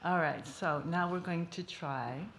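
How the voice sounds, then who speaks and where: A woman's voice: lowish voice, a little slow. A woman speaking at a memorial tribute, playfully coaxing the audience to join in and laughing often. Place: small performance venue. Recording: echoey room with loud background noise.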